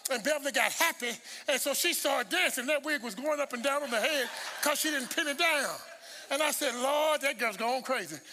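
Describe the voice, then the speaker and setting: High-voiced animated male preacher. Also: in a large hall. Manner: animated storytelling with humor; restarts and repeats words when rushing. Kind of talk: sermon.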